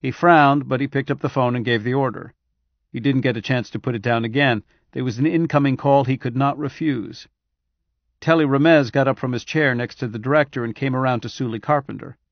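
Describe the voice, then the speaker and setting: A man reading a science fiction novel aloud in steady, measured scripted narration. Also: medium pitch, no echo, highs cut off. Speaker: audiobook narrator.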